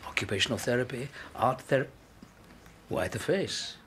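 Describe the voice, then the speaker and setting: An actor playing a courteous male hospital doctor who smoothly tries to win a colleague over. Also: mid-range voice, normal speed, fairly bright tone, a little hiss or hum, natural voice. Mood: persuasive. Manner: smooth, persuasive. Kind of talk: TV drama acting.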